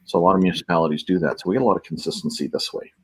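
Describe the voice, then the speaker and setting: A man's voice: sits low, fairly even intonation, very fast, breathy edge, dry recording, poor audio. A man from Canada talking casually, rambling with many fillers and restarts. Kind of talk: casual conversation.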